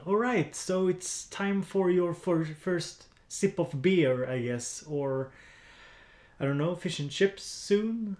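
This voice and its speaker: A man's voice: high-pitched, slow pace, darkish tone, reverberant. A man with a Swedish accent chatting casually on a music-production live stream, rambling with lots of fillers and restarts while he edits samples. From Sweden.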